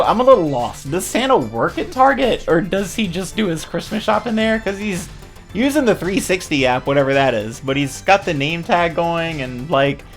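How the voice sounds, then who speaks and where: A woman commentator ranting about commercials in a casual, sarcastic, exasperated way. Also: sits low. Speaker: video commentator.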